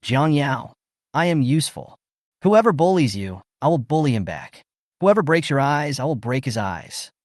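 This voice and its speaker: A man's voice: medium pitch, very animated, normal speed, dry recording, clean studio sound, natural voice. A man reading the lines of a lazy, proud young man who is hurt and protective, in a comic recap. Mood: insistent.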